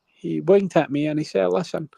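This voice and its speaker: On a live panel, a man tells a long, rambling story and keeps checking in with his listeners, often asking "right?". His voice is high, creaky, and a little mellow, at a measured pace, with no echo.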